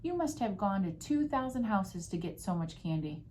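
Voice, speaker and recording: A woman voicing a gruff but helpful policeman in a Halloween storybook. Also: mid-range voice, big pitch swings, moderate pace, a little mellow, a little hiss or hum, natural voice. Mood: puzzled.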